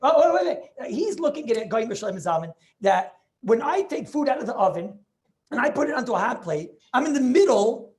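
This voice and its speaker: Over a video call in an online Torah class, a man eagerly builds a Talmudic argument, restarting sentences and repeatedly asking "right?". His very high voice is sing-song, brisk and a little mellow.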